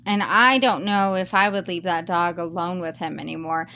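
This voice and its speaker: A woman's voice: fairly low pitch, fairly even intonation, normal speed, sharp tone, slight background noise. A woman who reads a Reddit post aloud and then reacts to it in a heated, emphatic rant. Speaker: YouTuber reading Reddit posts.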